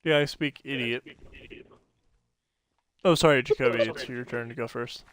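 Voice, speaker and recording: A man's voice: mid-range voice, a little slow, fairly bright tone, slight background noise. A man co-hosting a podcast, telling stories in a rambling casual chat full of fillers and laughs. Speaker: podcast co-host.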